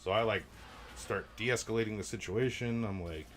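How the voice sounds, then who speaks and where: A man's voice: fairly low pitch, normal speed, a bit bright, slight background noise. A laid-back man chatting casually while gaming, rambling and swearing freely as he tells stories. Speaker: game streamer.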